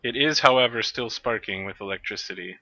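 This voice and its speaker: A man's voice: mid-range voice, fairly quick, sharp tone, dry recording, lo-fi sound. A man narrating as game master of a tabletop game, giving matter-of-fact rulings.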